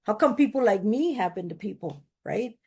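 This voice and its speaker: A woman's voice: medium pitch, expressive, normal speed, darkish tone, husky. A woman giving a candid, emphatic personal testimony at a recovery meeting, often repeating words for stress. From Texas.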